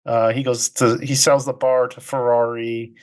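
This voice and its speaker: Man, podcast host, casual plot recap, rambling, halting, fillers, mid-pitched voice. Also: level tone, clear, resonant tone. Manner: rambling, halting, with fillers and quick mock quotes of characters.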